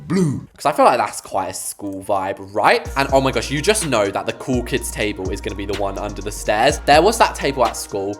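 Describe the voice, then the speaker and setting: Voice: medium pitch, sing-song, brisk, hardly any pauses, faint music behind. A YouTuber with an English accent, chatting through a casual gameplay voice-over with playful asides. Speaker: YouTuber building in a game.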